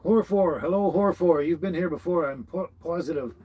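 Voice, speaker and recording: A man's voice: on the high side, moderate pace, darkish tone, breathy edge, rough recording. A man hosting a casual livestream, greeting each viewer by name in a friendly, chatty way. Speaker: livestream host. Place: tiny house on wheels.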